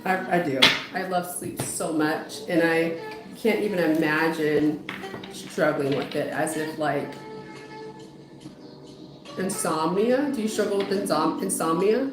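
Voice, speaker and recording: A woman's voice: sits low, a little slow. A woman, a spiritual medium and psychotherapist, chatting casually with viewers on a livestream while giving tarot readings; she greets people and often trails off and restarts. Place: home, dog heard outside. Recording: roomy sound with music behind.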